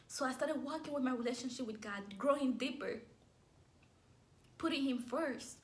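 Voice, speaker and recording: A young woman with a high voice tells her own faith story. She speaks openly and with feeling, and short laughs slip in between the words. It sounds like a personal, heartfelt testimony. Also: normal speed, long pauses. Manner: candid and emotional, with light laughs.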